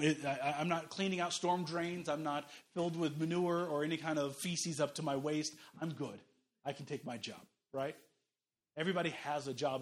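A middle-aged pastor preaching a sermon, a man who tells stories animatedly and acts out the voices he quotes. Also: fairly high pitch.

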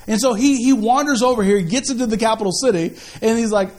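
A man preaching a sermon to his congregation, reading scripture, leading prayer and talking in a lively, conversational way with frequent restarts. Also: high voice, a little fast, hardly any pauses. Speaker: pastor.

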